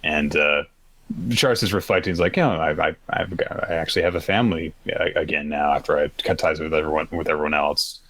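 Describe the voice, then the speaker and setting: A man with a very low, deep voice talks through the week's manga chapters in a loose, rambling way, often jumping into higher voices to act out characters' lines. The sound is close and dry, with no room around it. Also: steady tone, fast, a bit bright, dry recording. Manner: rambling, acts out characters' lines with pitched-up quotes. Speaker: podcast co-host. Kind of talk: casual chat recapping manga.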